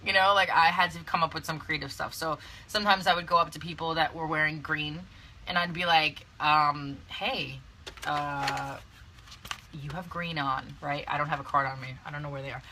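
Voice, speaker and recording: Woman rambling on a live vid, lots of ums, bright edgy tone, lowish voice. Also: steady tone, quick pace, a little hiss or hum, low-quality recording. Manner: chatty, laughs often, many fillers and restarts. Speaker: network marketing coach hosting a live video. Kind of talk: casual live-stream chat. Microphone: phone or webcam on a live video.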